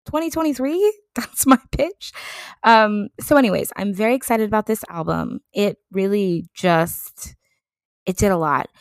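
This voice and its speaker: A woman hosting a casual solo podcast, chatting in an animated, playful way with joking asides to herself. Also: mid-range voice, measured pace, dry recording, clean studio sound. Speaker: podcast host.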